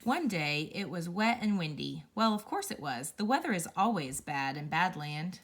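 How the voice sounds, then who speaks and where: A woman reading a children's picture book aloud, telling it with playful, expressive storytelling. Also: fairly low pitch, moderate pace, a little hiss or hum. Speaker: storybook reader.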